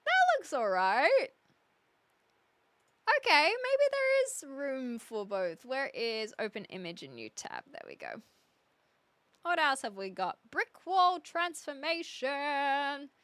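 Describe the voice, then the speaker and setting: Chatty young woman streamer, lively and bright. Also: high voice, slow, no echo. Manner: chatty, indecisive, reads viewer comments aloud. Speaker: live streamer. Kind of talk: casual live-stream chat with viewers.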